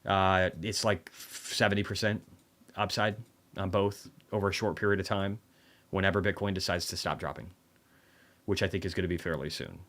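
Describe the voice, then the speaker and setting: Deep-voiced man, blunt and profane. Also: steady tone, normal speed, a bit bright. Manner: rambling, with many restarts and filler asides. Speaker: livestream host reviewing markets. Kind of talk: casual livestream commentary.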